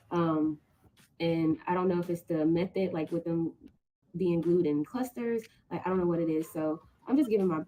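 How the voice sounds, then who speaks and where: A woman with a somewhat low voice vlogs casually from her apartment. She rambles through her day with plenty of ums and likes. A faint room ambience sits under her voice. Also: dark tone, a little hiss or hum, low-quality recording. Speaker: vlogger, teacher. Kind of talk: casual vlog to camera. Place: apartment, indoors.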